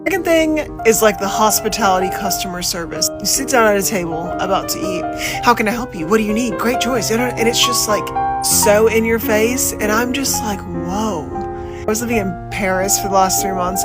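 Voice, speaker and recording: A woman talks straight to camera, emphatic and a little exasperated, her voice pitched at a middle height. Loud music runs underneath her the whole time. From United States. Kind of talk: casual vlog chat.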